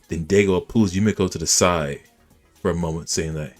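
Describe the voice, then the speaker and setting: A man casually recapping an anime episode, animated and reacting as he retells the scenes. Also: low-pitched, fairly quick, soft background music. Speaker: anime reviewer.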